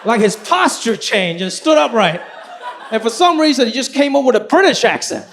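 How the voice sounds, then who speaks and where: A man performing live stand-up comedy, telling stories with high energy. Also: normal speed, a crowd in the background, background noise. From Los Angeles. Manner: animated, high-energy storytelling. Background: audience laughing.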